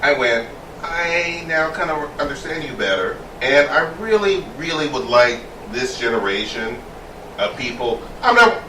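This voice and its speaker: A gay man chatting casually as a co-host, emphatic and animated as he tells his stories. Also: medium pitch, measured pace. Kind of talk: casual chat. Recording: roomy sound from a distance with faint noise.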